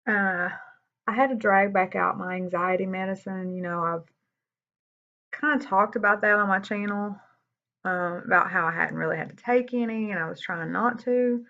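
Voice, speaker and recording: Lady doing a chatty makeup vlog, bit of gravel in her voice, dull lo-fi sound. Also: medium pitch, fairly even intonation, normal speed, pushed and bright. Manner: chatty, candid, says y'all a lot. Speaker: beauty vlogger. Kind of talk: casual makeup tutorial chat.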